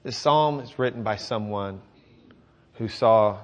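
A man's voice: on the low side, very animated, normal speed. A man teaching on a psalm, reading verses with rising force and joking between them in a loose, unscripted way. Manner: reads scripture with rising intensity, jokes and laughs between verses. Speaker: Bible teacher. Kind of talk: sermon with scripture reading.

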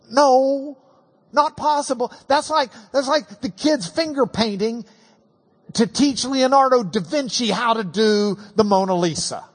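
A man preaching a sermon, animated and stammering as he drives his points home. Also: on the high side. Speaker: pastor. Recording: long hall reverb.

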